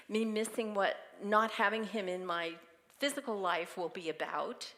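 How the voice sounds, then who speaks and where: Middle-aged woman minister, sermon delivery, tender and personal, mid-pitched voice. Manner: personal, tender, laughs softly through grief. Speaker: minister giving the Sunday message.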